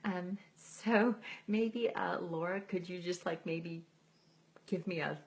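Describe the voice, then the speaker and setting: Woman, low voice, gravelly, chatty live host, self-deprecating. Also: takes it slowly. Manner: chatty, greets viewers by name; self-deprecating, laughs often. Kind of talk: casual live chat.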